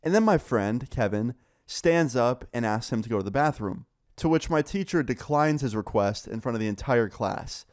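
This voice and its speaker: A young man casually telling a school story, animated and swearing, acting out what others said. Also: medium pitch, normal speed. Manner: animated, swearing, acts out quoted voices. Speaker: storyteller vlogger.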